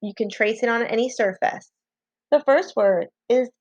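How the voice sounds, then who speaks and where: A woman teacher leads a slow, patient spelling lesson for children, sounding out letters one at a time. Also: on the high side, lively intonation, no room sound, lo-fi sound. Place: home, online lesson.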